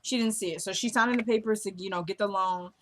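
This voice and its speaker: A woman's voice: medium pitch, quick pace, a bit bright, slight background noise. A woman casually recapping a TV episode, chatting and acting out the characters' lines as she goes. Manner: chatty, acts out quotes of the characters. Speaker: TV show recapper.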